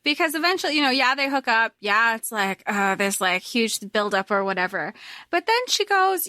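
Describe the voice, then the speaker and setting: A woman's voice: high-pitched, lively intonation, brisk, pushed and bright, no room sound, clean studio sound. A woman co-hosting a podcast, talking casually with many fillers and frequent laughter. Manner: chatty, lots of fillers, laughs often. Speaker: podcast co-host. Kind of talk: casual book discussion.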